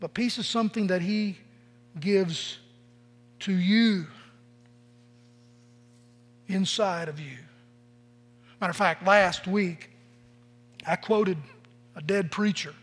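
A man's voice: high-pitched, fairly bright tone. A middle-aged man preaching a sermon as a pastor, telling stories in a conversational way and acting out the quoted voices. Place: church sanctuary. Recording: long reverb of a large hall.

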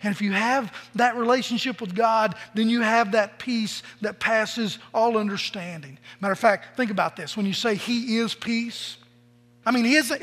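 A man's voice: high voice, pushed and bright. A middle-aged man preaching a sermon as a pastor, telling stories in a conversational way and acting out the quoted voices. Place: church sanctuary. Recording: long reverb of a large hall.

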